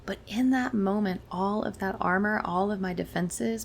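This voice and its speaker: Soft-spoken reassuring woman host. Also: medium pitch, measured pace, gravelly, a little hiss or hum. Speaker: chiropractor and wellness host. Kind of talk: gentle explanatory monologue.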